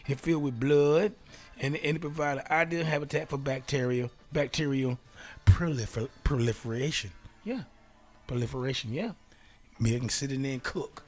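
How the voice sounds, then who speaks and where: A man's voice: medium pitch, normal speed, soft background music. A man hosting a casual solo talk show, reading aloud and joking around, laughing often and dropping into whispered asides. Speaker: radio host.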